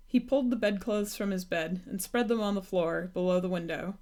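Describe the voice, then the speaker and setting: A woman reads a children's storybook aloud, gentle and unhurried. Her voice sits at a mid pitch and moves evenly from line to line. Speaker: storybook reader. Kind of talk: reading a children's book aloud.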